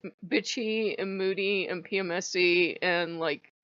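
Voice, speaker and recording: A woman's voice: fairly low pitch, measured pace, smooth, no room sound, lo-fi sound. A woman vlogger telling a casual ranting story, swearing freely and often laughing. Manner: profane, laughing, animated.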